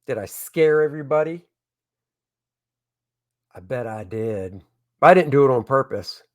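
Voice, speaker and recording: A man who makes comics, chatting excitedly with viewers on a casual crowdfunding livestream from home. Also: medium pitch, measured pace. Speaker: comic creator hosting a crowdfunding stream.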